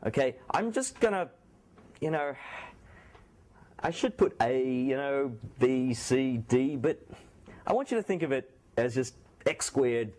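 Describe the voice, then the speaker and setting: A man's voice: mid-range voice, expressive, measured pace, long pauses, a little mellow. A man giving a university math lecture in a classroom, his voice a little sore, talking in a loose conversational way with frequent restarts. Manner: conversational, restarts and self-corrections. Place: lecture hall.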